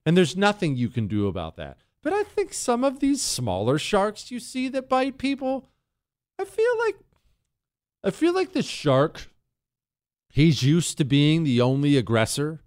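A man hosting a talk radio show, talking in an animated, emphatic and jokey way, moving between rants and ad reads. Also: a little high, unhurried.

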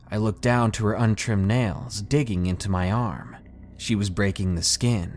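A man reading first-person scary stories in a steady, scripted narration with dramatic pauses. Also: fairly low pitch, soft background music. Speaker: storyteller reading submitted stories.

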